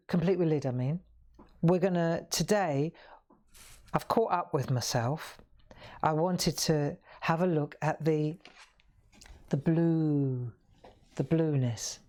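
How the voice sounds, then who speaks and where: Her voice is on the low side with a darkish tone. She hosts a live colouring tutorial from her craft room as a crafting livestreamer, speaking chattily into a lapel mic, demonstrating techniques and laughing at herself.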